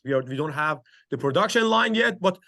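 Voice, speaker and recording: A man with a fairly high, bright voice teaches an informal study group, working through his points with frequent restarts and a habit of asking "right?". He sounds close and dry, with no room echo. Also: animated, a little fast. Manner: explains step by step with many fillers and restarts, checks in with listeners. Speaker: teacher leading a study circle. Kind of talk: informal religious lesson. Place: home office.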